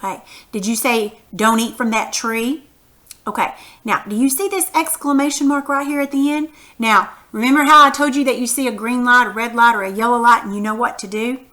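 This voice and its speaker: A woman's voice: fairly high pitch, brisk, pushed and bright. A woman teaching a punctuation lesson to young children, patient and encouraging, reading example sentences aloud with exaggerated emphasis.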